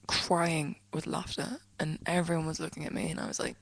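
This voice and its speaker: A teenage girl from England chatting casually in a vlog, rambling and giggling, often trailing off into soft whispery asides as she sits at home. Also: low-pitched, level tone, fairly quick, vocal fry, no room sound, low-quality recording. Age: teens. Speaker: vlogger answering a friend's questions. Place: indoors, at home, sitting on a desk.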